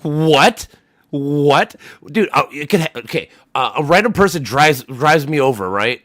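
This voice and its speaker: A man's voice: on the high side, lively intonation, unhurried, a bit bright, no echo, studio quality. A man streaming a casual voice chat, arguing heatedly, swearing often and repeating himself as he presses his point.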